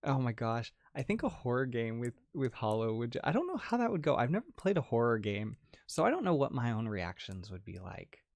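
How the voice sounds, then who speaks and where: A young adult ASMR creator chats casually on a livestream and reads out viewers' messages. The voice swings widely in pitch, and the talk is full of restarts and "like" with frequent giggling. It sounds dry and close on a good mic. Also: sing-song, a little fast, hardly any pauses, darkish tone, no echo. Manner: chatty, lots of "like" and restarts, giggles often.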